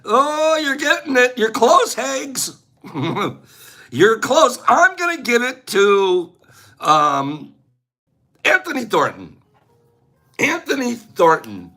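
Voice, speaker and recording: A man's voice: very high voice, huge pitch swings, slow, long pauses, pushed and bright. A man hosting a casual livestream, chatting and joking playfully with his viewers and laughing often. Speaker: livestream host.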